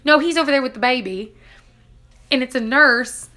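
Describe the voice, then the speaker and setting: A woman's voice: sits high, moderate pace, pushed and bright. A woman vlogger casually retelling a dramatic personal story, laughing now and then between lines. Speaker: family homestead vlogger.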